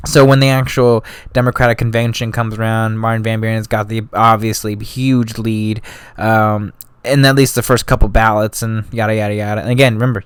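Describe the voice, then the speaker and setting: Smooth-voiced, slangy man hosting a podcast. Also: lowish voice, level tone, brisk, no room sound. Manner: slangy, loose, full of fillers and asides. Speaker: podcast host. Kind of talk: casual history podcast talk.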